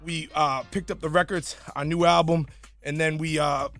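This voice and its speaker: A man's voice: fairly high pitch, level tone, moderate pace, a bit bright, soft background music. A man in his forties with a Boston accent, a guest rapper who is tired from little sleep and chats in an interview, swearing a lot and restarting his sentences. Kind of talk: casual interview chat.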